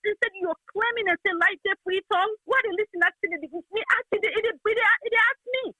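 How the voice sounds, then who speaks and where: A woman's voice: very high-pitched, fast talker, hardly any pauses, sharp tone, no room sound, rough recording. A woman from Sierra Leone with a Krio accent, calling in to a phone-in show and complaining in a rambling, indignant way. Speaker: caller. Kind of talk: phone-in call, heated complaint.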